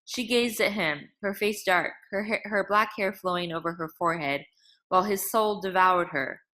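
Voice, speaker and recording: A woman reading a novel aloud as an audiobook narrator, in a measured, dramatic way. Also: medium pitch, pushed and bright.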